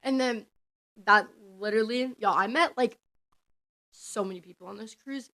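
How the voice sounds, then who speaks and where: A woman's voice: medium pitch, moderate pace, pushed and bright. A young woman, telling a story on her podcast in a rambling, chatty way full of "like"s. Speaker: podcast host. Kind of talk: casual storytelling.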